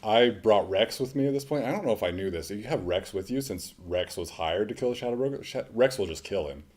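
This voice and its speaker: A man's voice: lowish voice, fast talker. A man co-hosting a casual podcast, chiming in and sharing his own game experience. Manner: relaxed, chimes in with short agreements. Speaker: podcast co-host.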